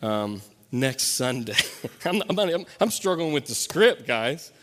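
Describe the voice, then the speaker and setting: A man's voice: mid-range voice, very animated, slow. Young male pastor, conversational sermon, self-correcting, long church reverb. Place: church sanctuary.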